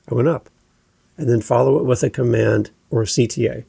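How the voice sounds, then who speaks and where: A man's voice: medium pitch, fast talker, vocal fry, dark tone, slightly rough, no room sound. A man hosting a podcast lesson, explaining delivery tips step by step and demonstrating inflection with examples. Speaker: podcast coach. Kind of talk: instructional podcast talk.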